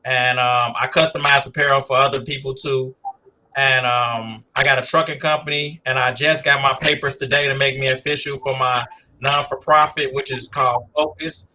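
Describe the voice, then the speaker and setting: Bright, soft-spoken man in his forties. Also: medium pitch, little pitch movement, normal speed. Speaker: guest, entrepreneur. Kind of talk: introducing himself on a talk show. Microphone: video call.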